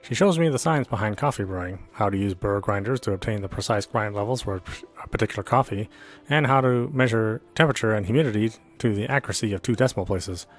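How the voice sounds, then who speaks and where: A man's voice: fairly low pitch, fast. A man reading a visual novel aloud in an earnest first-person narration. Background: faint background music.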